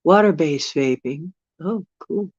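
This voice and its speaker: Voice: medium pitch, slow pace, a little mellow, no room sound. A live-stream host with allergies, chatting casually with viewers, rambling and chuckling while thinking aloud. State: dealing with allergies. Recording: dull, dry lo-fi sound.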